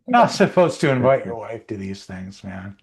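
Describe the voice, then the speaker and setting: A man's voice: on the low side, sing-song, moderate pace. A man co-hosting a livestream podcast, chatting casually and rambling with many fillers and restarts. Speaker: co-host.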